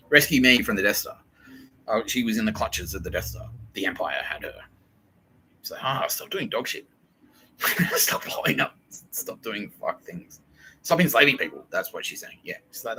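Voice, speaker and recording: A man's voice: mid-range voice, expressive, normal speed, bright, forceful tone, slight background noise, rough recording. A man hosting a podcast in a profane, rambling monologue, laughing and acting out quotes. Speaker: podcast host.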